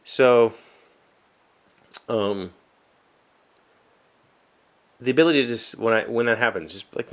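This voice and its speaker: A man's voice: mid-range voice, measured pace, pauses often. A man with a West Virginian accent hosting a casual solo vlog from his home workshop, rambling and self-deprecating, with lots of fillers and restarts. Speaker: vlogger, show host.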